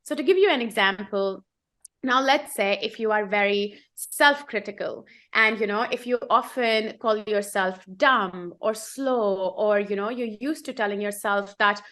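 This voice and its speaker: A woman's voice: mid-range voice, measured pace, sharp tone. A woman co-hosting a casual coaching chat, explaining in an earnest way and repeating phrases for emphasis. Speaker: co-host.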